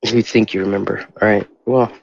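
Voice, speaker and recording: A man's voice: lowish voice, steady tone, fairly quick, gravelly, no room sound. A man hosting a casual group call, easygoing and prompting the others to talk. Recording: dull lo-fi call audio.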